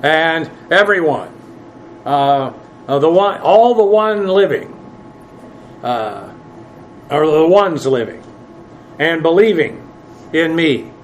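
A man teaching a sermon verse by verse, plain-spoken and halting, with many fillers and self-corrections. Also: on the high side, lively intonation, slight background noise, rough recording. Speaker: pastor.

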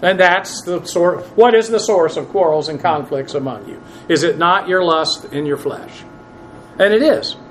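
A man teaching a sermon verse by verse, plain-spoken and halting, with many fillers and self-corrections. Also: fairly high pitch, fairly bright tone, slight background noise, rough recording. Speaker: pastor.

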